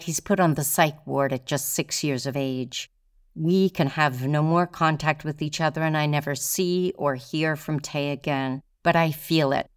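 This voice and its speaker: Low, smooth-voiced woman telling her story. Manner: measured, deliberate, with weighty pauses. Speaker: solo performer telling her own story. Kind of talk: first-person storytelling performance.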